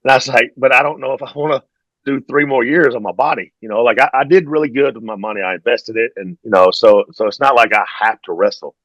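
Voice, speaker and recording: A middle-aged man, a podcast guest telling stories in a relaxed, drawling way and laughing along as he goes. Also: medium pitch, quick pace, no room sound, lo-fi sound. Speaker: podcast guest, former pro wrestler. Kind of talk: casual interview storytelling.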